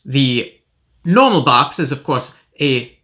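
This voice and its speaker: A man's voice: mid-range voice, animated, slow pace, bright, forceful tone. A man playing a pompous, self-important professor who hosts a comedic cereal review. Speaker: host. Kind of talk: comedic character monologue.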